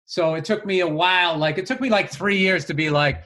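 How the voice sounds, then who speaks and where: A man co-hosting a podcast, telling stories in a loose, animated way, swearing freely and laughing often. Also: high voice, a little fast. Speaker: podcast co-host. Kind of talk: casual chat.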